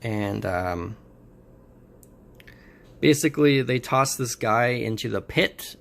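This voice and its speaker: A man casually summarizing and reviewing a comic book, talking in a halting way with many pauses and restarts. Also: medium pitch, lively intonation, gravelly.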